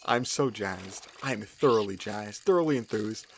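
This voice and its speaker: Young male streamer, excitable and lively in pitch, repeats lines, laughs a lot. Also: normal speed, slight background noise. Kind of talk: casual gameplay commentary.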